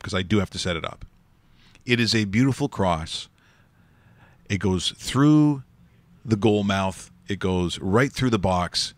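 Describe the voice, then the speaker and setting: A man with a low voice hosts a sports radio show in a dry, close studio sound. He banters casually, rambles and restarts, and keeps laughing at his own jokes. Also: no echo. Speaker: sports talk show host.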